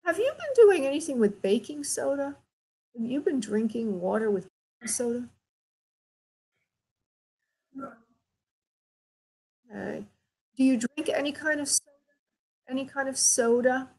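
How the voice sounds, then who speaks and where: A woman spirit medium hosting a call-in radio show, giving gentle, affectionate readings and calling her callers honey and sweetheart. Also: high-pitched, lively intonation, measured pace, long pauses, breathy edge, poor audio.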